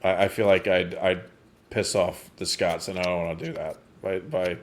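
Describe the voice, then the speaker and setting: A man's voice: sits low, flat delivery, normal speed, a little hiss or hum. A man co-hosting a movie review podcast in casual chat, rambling, laughing often and swearing freely.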